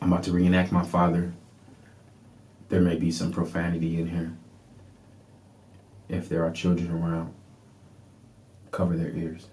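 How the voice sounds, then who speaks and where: A man hosting a podcast, telling a personal story in an animated way and acting out the people in it. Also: sits low, moderate pace, pauses often. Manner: animated, laughing, reenacts people. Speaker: podcast host.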